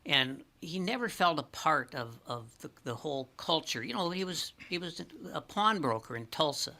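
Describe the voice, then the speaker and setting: A man chatting as a guest on a talk show, telling a long story with many restarts and animated asides. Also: on the high side, moderate pace. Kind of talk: casual chat, storytelling.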